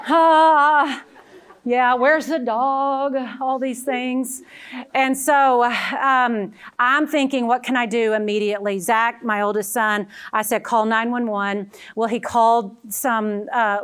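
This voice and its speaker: High-voiced woman telling stories on stage. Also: fairly bright tone, clean tone. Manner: storytelling, addresses audience as friends. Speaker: keynote speaker. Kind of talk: motivational talk.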